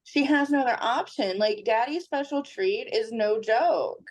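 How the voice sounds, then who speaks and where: A woman's voice: a little high, unhurried. A woman co-hosting a podcast, chatting casually in a blunt, playful way and swearing now and then. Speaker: podcast co-host. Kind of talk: casual chat.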